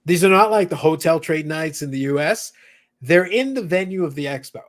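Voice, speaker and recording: A podcast host with a fairly high, expressive male voice talks a little fast in a casual hobby chat. Between thoughts he reads viewer comments aloud, chatting with plenty of fillers.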